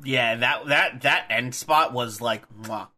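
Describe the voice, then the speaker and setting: A young man co-hosting a casual podcast, animated, laughing easily and often restarting his sentences. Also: medium pitch, slow pace. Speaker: podcast co-host.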